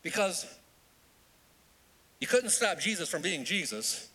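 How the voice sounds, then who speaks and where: A male minister preaching a sermon in an animated way, with joking asides and repeated phrases for emphasis. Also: high-pitched, takes it slowly. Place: church sanctuary. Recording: long church reverb.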